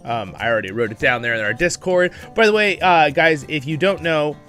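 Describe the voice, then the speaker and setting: A man's voice: on the high side, lively intonation, brisk, fairly bright tone, soft background music. A man hosting a casual livestream, chatty and upbeat, greeting viewers by name and laughing often, with a bit of a morning voice. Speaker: livestream host.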